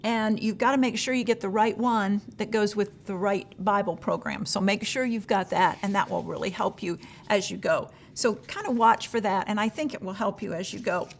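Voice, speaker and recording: A woman's voice: mid-range voice, moderate pace, gravelly, hardly any pauses, slight background noise. A woman leading a teacher-training session, giving practical advice in a conversational way, with frequent fillers and acted-out questions from teachers.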